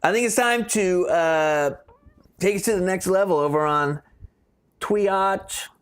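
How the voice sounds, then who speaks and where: A man's voice: high voice, animated, normal speed, clear, resonant tone. A man co-hosting a casual live stream, blunt and sarcastic, with frequent swearing. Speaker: co-host.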